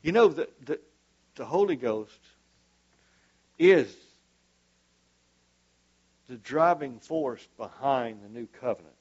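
A man's voice: medium pitch, lively intonation, takes it slowly, long pauses, a little mellow, slightly rough, lo-fi sound. A man preaching a sermon to a church congregation, fervent and emphatic, repeating his points for weight.

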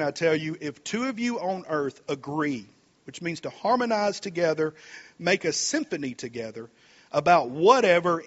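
Man, pastor, high voice, folksy, slow scripture reading, muffled recording. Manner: folksy, reads scripture slowly and comments between verses. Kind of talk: sermon.

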